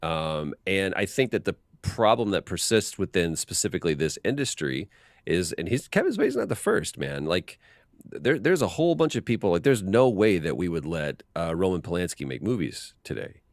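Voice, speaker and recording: A man as an interview guest, telling animated behind-the-scenes stories and acting out quotes with frequent restarts. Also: low-pitched, normal speed, no echo, clean studio sound. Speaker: voice actor guest. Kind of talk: casual interview storytelling.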